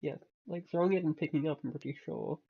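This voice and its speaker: Even-toned male game master on a muffled voice-chat line. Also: fairly high pitch, quick pace, creaky, husky. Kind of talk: explaining game rules in casual chat.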